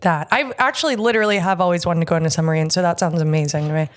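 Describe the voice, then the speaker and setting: Low-pitched woman, blunt and profane. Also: rapid-fire. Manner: blunt, profane, laughs easily. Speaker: podcast guest. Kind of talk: casual comedic chat.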